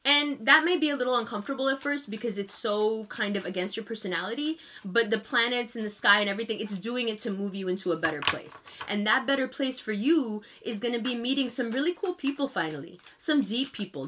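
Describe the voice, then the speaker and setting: A woman with a New York accent giving a casual astrology forecast, talking fast in a chatty, emphatic way. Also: medium pitch, bright, forceful tone, a little hiss or hum.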